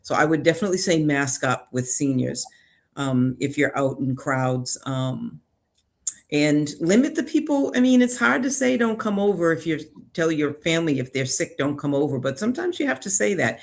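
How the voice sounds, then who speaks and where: A man with a slightly raised pitch offering earnest health advice on a talk show. He speaks plainly and practically, with the odd light chuckle. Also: big pitch swings, normal speed, vocal fry. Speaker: health guest. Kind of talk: casual health discussion.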